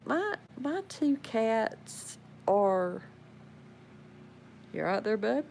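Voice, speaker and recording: A woman's voice: on the high side, sing-song, drawn-out words, creaky, a little mellow, slight background noise, low-quality recording. A woman, rambling casually about her pets at home and talking to them as she goes. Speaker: pet owner showing her animals. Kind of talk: casual home video chat.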